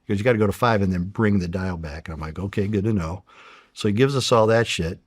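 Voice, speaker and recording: A man's voice: lowish voice, quick pace, no echo, studio quality. Profane American man telling war stories. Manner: profane, animated storyteller acting out dialogue. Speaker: former undercover federal agent, guest. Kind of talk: casual storytelling interview.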